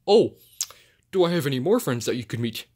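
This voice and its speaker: A man voicing a calm, patient superhero, talking hesitantly with many fillers in home toy play-acting. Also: medium pitch, fairly quick, breathy edge.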